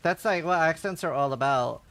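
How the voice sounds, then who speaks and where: Man, slightly high voice, rambling casual streamer chatter. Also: moderate pace, fairly bright tone. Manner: chatty, rambling, heavy use of "like". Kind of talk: casual livestream chat while gaming.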